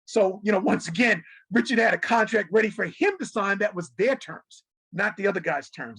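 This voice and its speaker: A middle-aged man, a guest on an interview show, telling animated stories and acting out what people said, laughing often. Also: sits high, normal speed, husky. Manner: animated storyteller who acts out quotes, laughs often. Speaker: guest, television executive. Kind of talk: casual interview storytelling.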